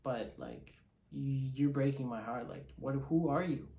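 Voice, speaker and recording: A man's voice: medium pitch, measured pace, vocal fry, reverberant, narrow, tinny audio. A man doing a heartbroken young woman. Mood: hurt. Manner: hurt, disbelieving.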